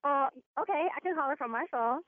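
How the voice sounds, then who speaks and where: High-voiced, excited woman caller on a dry, tinny phone line. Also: brisk, dry recording. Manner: excited, gushing. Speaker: radio show caller. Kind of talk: phone call.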